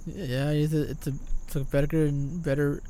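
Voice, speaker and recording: A man's voice: on the high side, flat delivery, moderate pace, dark tone. An American man co-hosting a casual podcast chat, bantering with lots of swearing. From United States. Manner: profane, laughing banter. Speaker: podcast co-host.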